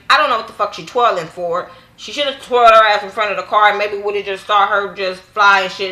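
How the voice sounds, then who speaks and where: Young woman vlogger, AAVE speech, blunt and profane, bright forceful tone, casual recap. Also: reverberant. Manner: blunt, cussing, acts out quotes with raised pitch. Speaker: YouTube TV reviewer.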